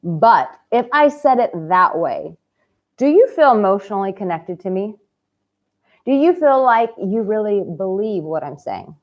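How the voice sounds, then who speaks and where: A woman's voice: mid-range voice, sing-song, measured pace, dull audio. Passionate, cheeky woman coaching men. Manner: passionate, candid and cheeky, swears casually. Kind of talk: direct-to-camera advice vlog.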